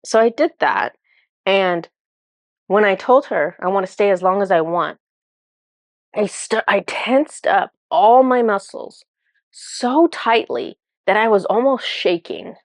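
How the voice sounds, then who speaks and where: A woman's voice: mid-range voice, slow, no echo, studio quality. A woman casually retelling a spiritual vision as a channeler, chatty and full of fillers, laughing at herself.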